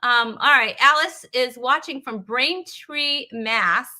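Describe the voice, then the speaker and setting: A woman from Rhode Island hosts a live comedy web show in a casual, joking way. Her voice sits a little high and rings bright. She greets viewers by name and trails off into restarts and self-deprecating asides. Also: takes it slowly. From Rhode Island, USA. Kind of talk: casual live-stream chat.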